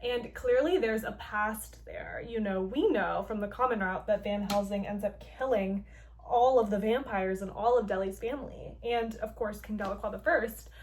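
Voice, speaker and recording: A woman's voice: medium pitch, normal speed, a little hiss or hum. A woman hosting a casual story recap, chatty and playful, with lots of filler words and side comments. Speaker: host.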